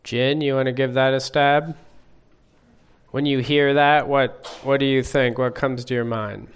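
A man leading a group Bible study, asking the class questions in a measured way. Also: mid-range voice, fairly even intonation, smooth.

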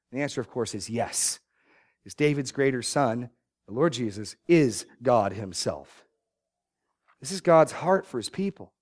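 Male pastor mid-sermon, emphatic scripture reading, hurried asides to the congregation, mid-range voice. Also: mid-range voice, darkish tone. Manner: preaching with rising emphatic bursts on scripture.

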